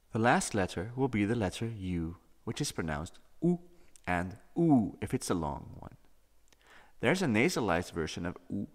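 Deep-voiced man teaching pronunciation, reverberant. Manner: explanatory, demonstrating sounds slowly. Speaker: language teacher. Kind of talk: educational video lesson.

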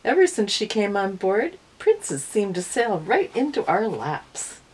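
Woman as a boastful storybook pirate crewman, husky, animated. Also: medium pitch, unhurried, pitched above the performer's own voice, poor audio. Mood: proud. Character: proud, cheerful male pirate crewman.

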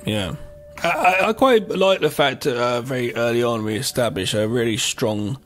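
A man's voice: mid-range voice, moderate pace, a bit bright, soft background music. A man co-hosting a podcast, chatty and joking, jumping in with asides. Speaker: podcast co-host. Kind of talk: casual film review chat.

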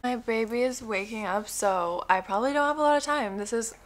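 A woman's voice: on the high side, fairly quick, a little hiss or hum. A young woman and new mother chatting casually to her phone camera, rambling with plenty of likes and ums and a blunt streak.

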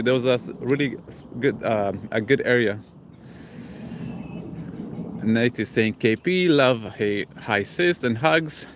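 A man walking through a city park with his phone, reading out and answering live chat comments in an easygoing tone. His voice sits at an ordinary middle pitch. Faint traffic noise hangs behind him outdoors. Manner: reads viewer comments aloud and greets them. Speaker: livestream vlogger.

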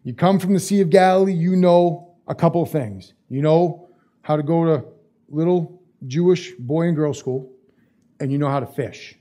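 A man's voice: a little high, normal speed, dark tone. A male pastor preaching a sermon in a casual, conversational way, repeating phrases for emphasis.

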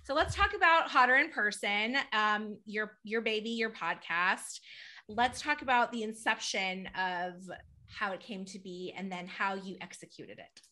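A woman hosting a podcast in casual chat, giggly and animated, sprinkling in Italian words. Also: mid-range voice, measured pace. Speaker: podcast host.

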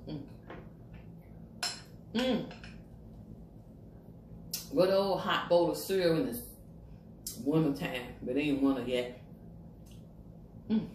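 A woman's voice: low-pitched, darkish tone. A woman chats casually to her viewers while eating, humming over her food and talking with her mouth full. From Virginia, USA. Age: 50s. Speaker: mukbang vlogger. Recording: echoey room with faint noise.

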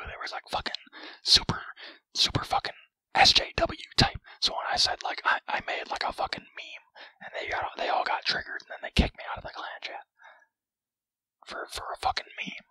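Playing a grumpy, greedy male cartoon crab in a whisper, a gamer narrates his play with crude, meandering, self-deprecating chatter. The voice sounds pushed and bright, with no room sound and rough recording quality.

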